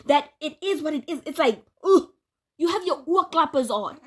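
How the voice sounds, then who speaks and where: A woman vlogging in a relaxed, opinionated way, speaking directly to her audience. Her voice sits a little on the high side. She laughs often between her points. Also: moderate pace. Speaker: vlogger and podcaster. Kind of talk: casual direct-to-camera monologue.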